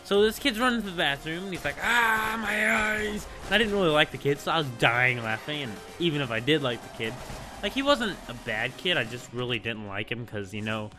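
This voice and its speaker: A young man casually telling a school story on his vlog, rambling and excitable, with lots of filler words. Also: medium pitch, quick pace, over music. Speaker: gaming channel host.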